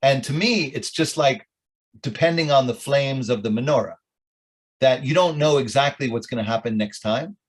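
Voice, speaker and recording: A middle-aged rabbi telling stories with jokes and asides to his audience at a club meeting. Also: medium pitch. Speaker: rabbi, guest speaker. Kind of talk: informal talk at a club meeting.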